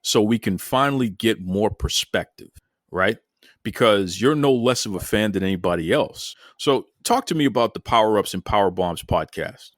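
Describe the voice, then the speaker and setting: A man with a Boston accent runs a casual podcast interview in a teasing, jokey way, tripping over his words as he goes. His pitch swings widely and his voice is very animated. The sound is close and dry, with no room echo. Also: moderate pace. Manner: jokey, stammering, lively teasing. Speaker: podcast host.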